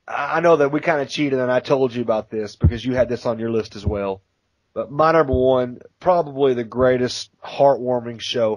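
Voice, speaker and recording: A man's voice: medium pitch, darkish tone, no echo, highs cut off. A man co-hosting a podcast, chatting enthusiastically and laughing often as he talks. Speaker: podcast co-host. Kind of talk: casual podcast chat.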